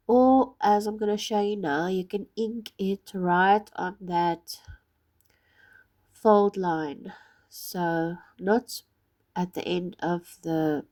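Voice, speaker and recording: A woman with a husky voice from being ill, patiently explaining each step of a craft project. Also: on the low side, dark tone. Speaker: craft tutorial maker.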